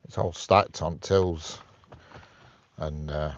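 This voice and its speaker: Deep gravelly man chatting on stream. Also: steady tone, takes it slowly, dry recording, lo-fi sound. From United Kingdom. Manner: chatty, jokey, laughs at his own jokes. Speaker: live stream host. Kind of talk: casual live stream chat reading comments.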